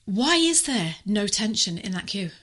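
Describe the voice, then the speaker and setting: A middle-aged English woman co-hosting a podcast, chatting in an animated, emphatic way. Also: mid-range voice, measured pace. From England. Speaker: podcast co-host. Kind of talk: casual chat.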